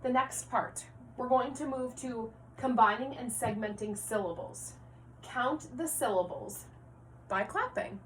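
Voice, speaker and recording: A woman first-grade teacher leads a reading lesson at a slow, patient pace, spelling words out letter by letter. Her fairly high voice sounds set back from the microphone. A faint hum runs under it. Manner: slow, clear, encouraging classroom delivery, spelling words out letter by letter. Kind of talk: recorded reading lesson for young children. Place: home, near her rocking chair. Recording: distant mic with faint hum.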